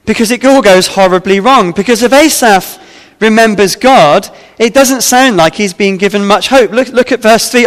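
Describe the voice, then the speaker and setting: A man's voice: sits high, moderate pace, long reverb tail. A man preaching a sermon, reading scripture aloud and then explaining it with frequent fillers and restarts. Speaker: pastor.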